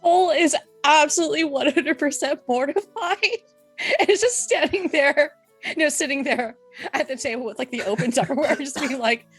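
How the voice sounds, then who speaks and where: A woman's voice: sits high, normal speed, soft background music. A woman playing a tabletop game, describing her character's actions with giggles. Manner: giggly, lively. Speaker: player.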